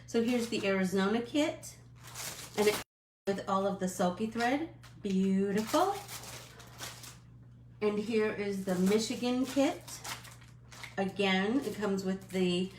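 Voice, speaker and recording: Middle-aged woman host, casual and apologetic, slow talker, recorded in a reverberant room. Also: medium pitch, a little hiss or hum. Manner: chatty, apologetic, many fillers and restarts. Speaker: artist hosting a live stream. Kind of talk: casual live-stream chat.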